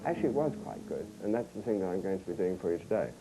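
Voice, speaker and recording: A man's voice: sits low, sing-song, racing, music in the background, rough recording. A man hosting a cooking show, joking wryly with a studio audience in an archival broadcast. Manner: wry, teasing asides.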